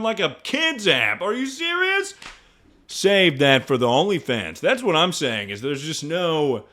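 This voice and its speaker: A young male streamer telling a story to his chat in casual talk, swearing freely and sounding incredulous. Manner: animated, incredulous, swears freely, jumps to high pitch when mocking.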